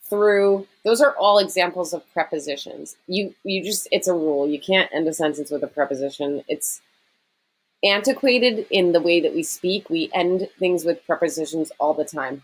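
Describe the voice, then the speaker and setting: A woman's voice: low voice, moderate pace, poor audio. A woman teacher giving a recorded writing lesson to her students, explaining step by step in a conversational way with frequent "okay" and "um".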